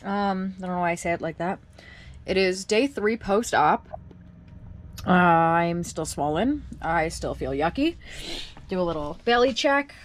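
A woman's voice: fairly low pitch, moderate pace. A woman in her twenties talking casually to the camera at home in a wry, self-deprecating video diary. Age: 20s. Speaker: vlogger. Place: at home, indoors.

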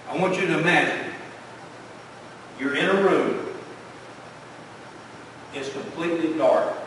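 A man preaching a sermon as pastor, emphatic, asking rhetorical questions and dropping to a hush. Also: a little high. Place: church sanctuary. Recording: echoey church hall from far off, faint noise.

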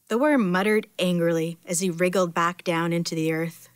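A woman reading a children's picture book aloud at storytime, clear and expressive. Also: on the low side, normal speed, no echo, clean studio sound. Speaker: storytime reader.

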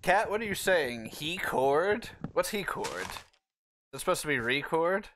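A man's voice: on the high side, lively intonation, a little slow, fairly bright tone, slight background noise. A man streaming a game live, chatting casually with a friend and reading chat aloud. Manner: easygoing, reads chat aloud while playing.

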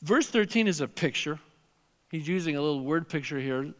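A man with a fairly high voice preaches a sermon in a big church hall, and long reverb trails his words. He is earnest and emphatic, repeating phrases for weight and slipping into heartfelt prayer and quoted scripture. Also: lively intonation, normal speed. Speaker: pastor. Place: large church sanctuary.

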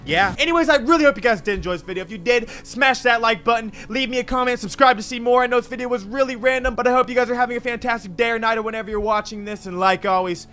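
Young male gamer, very high bright voice, sweary rants and shouts over game music. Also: quick pace, few pauses. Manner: swears often, swings between shouting rage and quiet grumbling. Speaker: gaming video creator. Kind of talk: live gameplay commentary.

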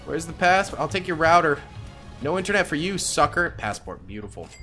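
A young male gamer narrates his play in a relaxed, goofy way. His voice is bright and slightly high, and it leaps around in pitch. Faint music sits under him. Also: brisk. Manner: goofy, swings from mutters to yelling. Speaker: gaming YouTuber. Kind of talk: casual gameplay commentary.

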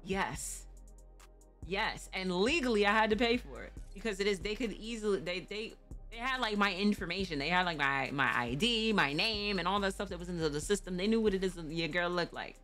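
A woman's voice: mid-range voice, lively intonation, a little fast, fairly bright tone, soft background music. Laughing, profane young woman storyteller. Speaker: streamer. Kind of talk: casual storytime chat.

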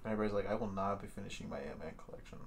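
A man's voice: fairly low pitch, racing. A man co-hosting a podcast in loose casual chat, swearing freely and full of fillers. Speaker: podcast co-host. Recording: loud background noise.

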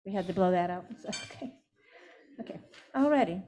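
A woman leading a church service, relaxed and informal as she cues the congregation. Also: fairly low pitch, brisk, slight background noise. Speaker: service leader.

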